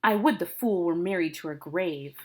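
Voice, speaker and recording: A woman's voice: on the low side, normal speed, a little mellow, natural voice. Lady Capulet, a woman reading as a stern noble mother. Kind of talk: dramatic reading of a play.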